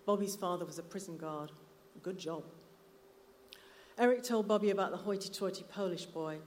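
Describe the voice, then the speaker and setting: A lower-pitched woman reads her story aloud, measured and unhurried. The reading echoes through a reverberant hall, with faint room ambience behind. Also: darkish tone, a little hiss or hum. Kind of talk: live literary reading. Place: live literary night venue.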